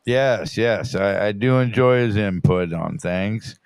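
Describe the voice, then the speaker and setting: Low-voiced laid-back male stream host. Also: slow, gravelly, clean tone, no room sound. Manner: laid-back, profane, joking. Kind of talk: casual livestream chat.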